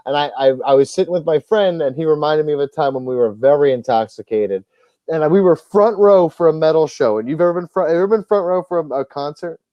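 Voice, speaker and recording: A man's voice: fairly high pitch, lively intonation, fast, no echo, highs cut off. A man hosting a casual wrestling podcast, a profane, rambling storyteller who acts out the people in his stories. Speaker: podcast host.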